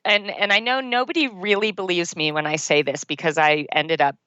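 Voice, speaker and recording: A middle-aged woman with a low, smooth, resonant voice tells an earnest story from her own life as a podcast guest. She laughs at herself along the way. The recording is dry and a little dull, with a lo-fi edge. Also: fairly even intonation, a little fast, bright, forceful tone, dry recording. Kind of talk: personal storytelling in an interview.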